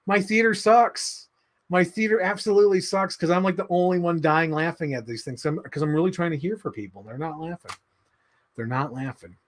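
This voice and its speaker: Excitable young man chatting on a livestream. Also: sits high, fairly quick. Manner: excitable, laughs often, swears. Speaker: livestream host. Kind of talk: casual livestream chat.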